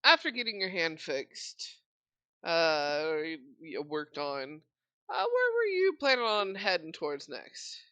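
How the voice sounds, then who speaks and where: A woman running a tabletop game as dungeon master, narrating slowly with many pauses and fillers. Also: fairly low pitch, big pitch swings, bright, forceful tone, no room sound.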